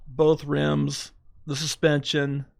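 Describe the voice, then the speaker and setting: A middle-aged man, a podcast guest, telling a story in animated, dramatic fashion with quoted asides. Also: a little high, takes it slowly, vocal fry. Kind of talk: casual storytelling.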